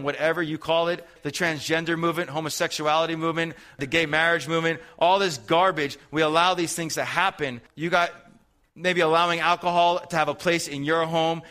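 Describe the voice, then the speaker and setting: A man's voice: a little high, pushed and bright. A young man preaching as a youth pastor, speaking straight to the congregation and acting out quoted people with passion. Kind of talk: sermon.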